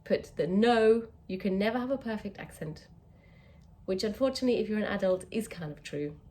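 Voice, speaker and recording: A woman's voice: medium pitch, a little fast, dark tone. English woman coaching with emphatic stresses. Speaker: communication skills coach. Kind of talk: teaching to camera.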